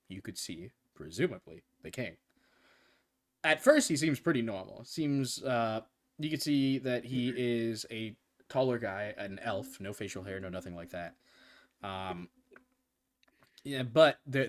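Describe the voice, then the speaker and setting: A man narrating a tabletop game as game master, casual and loose. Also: lowish voice. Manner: casual, laughs often, loose swearing.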